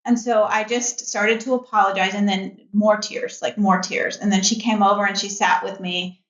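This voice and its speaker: A woman's voice: medium pitch, little pitch movement, normal speed, a bit bright. A middle-aged woman guest telling a personal family story in an earnest, candid way, with many fillers. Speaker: podcast guest, mother. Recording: roomy, dull-sounding audio.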